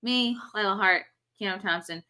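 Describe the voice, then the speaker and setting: A woman hosting a casual chat from a hotel room, joking with friends and hyping a show in a deadpan way. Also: medium pitch, normal speed. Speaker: podcast host.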